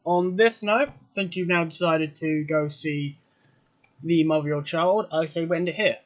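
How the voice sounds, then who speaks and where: A man's voice: fairly high pitch, normal speed. Man running a tabletop game, lo-fi. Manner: casual, swears, voices an NPC. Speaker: game master. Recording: dull lo-fi audio.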